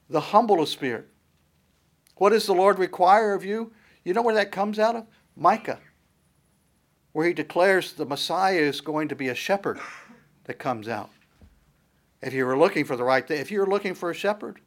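A middle-aged man delivers a sermon from the pulpit. His voice sits a little higher than most men's, and he builds each point with repeated rhetorical questions in a steady preaching cadence. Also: moderate pace, long pauses. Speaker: pastor.

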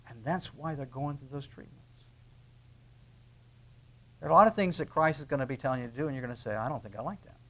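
A man preaching a sermon in a conversational way, acting out little dialogues and swinging between quiet asides and loud emphasis. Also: medium pitch, fast, long pauses. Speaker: pastor.

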